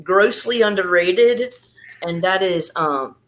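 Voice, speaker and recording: A woman guest on a casual online panel, talking in a rambling, halting way with restarts. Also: fairly low pitch.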